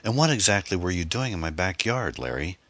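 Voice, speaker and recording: A man voicing a frightened, stern middle-aged mother who asks sharp, demanding questions. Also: low voice, sing-song, fairly quick, no echo, heavily acted.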